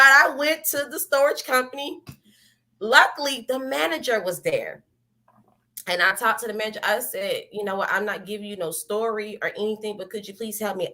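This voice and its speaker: A woman giving a testimony, telling her story in a lively way, acting out her own past words and laughing often. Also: medium pitch. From American South. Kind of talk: animated personal storytelling.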